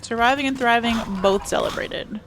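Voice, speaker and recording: Excitable, bright-voiced woman streamer. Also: fairly high pitch, moderate pace, slight background noise. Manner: excitable and joking, with frequent swearing. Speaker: game streamer. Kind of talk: casual livestream commentary while playing.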